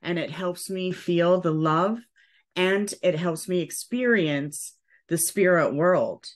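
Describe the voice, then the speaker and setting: A woman leading a spiritual cacao ceremony at home, speaking gently and soothingly, often checking in with "okay". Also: fairly low pitch. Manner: slow, gentle, soothing guidance with frequent "okay". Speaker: ceremony leader.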